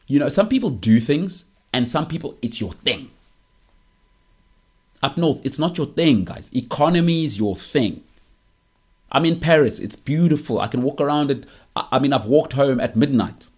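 A South African man with a husky, slightly rough voice, talking through a podcast monologue. He teases and jabs with emphatic confidence, circling back to the same punchlines again and again. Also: mid-range voice, darkish tone. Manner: teasing and emphatic, repeats punchlines. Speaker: podcast host. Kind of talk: opinionated monologue.

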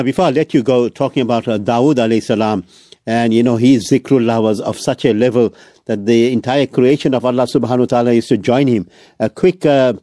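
A man's voice: mid-range voice, warm tone, no echo, clean studio sound. A man hosting a radio show, interviewing a guest in a hesitant, deferential way with many fillers.

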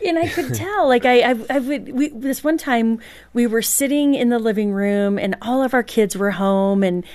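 A middle-aged woman speaking as an interview guest, calm and reflective with gentle amusement. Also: on the high side, moderate pace. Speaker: guest, marriage author. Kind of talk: casual interview storytelling.

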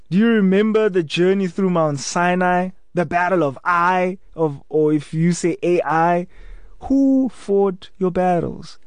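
A man's voice: on the high side, a little mellow, no echo. A man with a South African accent, a pastor preaching a sermon with emphatic, repeated phrases.

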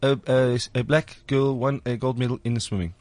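A man's voice: medium pitch, steady tone, background noise. A man, hosting a comedy podcast with teasing, cheeky banter. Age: 40s. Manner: teasing, cheeky, rapid-fire. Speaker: podcast host.

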